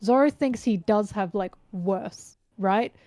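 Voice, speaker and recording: A woman in casual podcast chat, animated and analytical, eagerly retelling and explaining scenes. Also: medium pitch, takes it slowly, dry recording. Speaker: guest.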